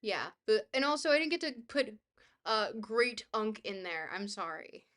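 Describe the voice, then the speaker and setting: Reading chat messages aloud on a live stream, a woman from Scotland thanks viewers often in a bubbly, rambling manner with trailing filler words. Her mid-range voice is sing-song and a bit bright, at normal speed.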